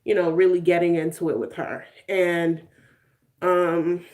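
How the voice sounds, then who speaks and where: A woman in her twenties hosts a laid-back live stream, playfully chatting with viewers, laughing often and tossing in slangy asides. Her fairly low, darkish voice stays level and a little slow.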